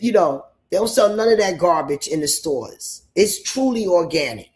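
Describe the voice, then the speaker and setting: A man's voice: sits high, big pitch swings, normal speed, hardly any pauses, a little mellow, a little hiss or hum. A man from New York State hosting a livestream and giving opinions in a rambling, emphatic way, often repeating himself. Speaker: livestream host.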